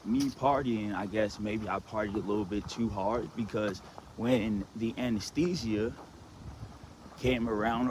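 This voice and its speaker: A man telling a personal story in a rambling, casual way, checking in with "right?" and "you know what I'm saying" as he goes. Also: background noise. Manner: animated, swings from low mutters to excited outbursts.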